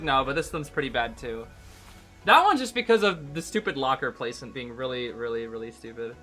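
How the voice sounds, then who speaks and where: An excitable man recaps his gameplay for a live chat, stumbling over repeated words and tossing in "bro" constantly. His voice sits a little high and sounds bright and forceful. Faint music plays quietly behind him. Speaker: game streamer.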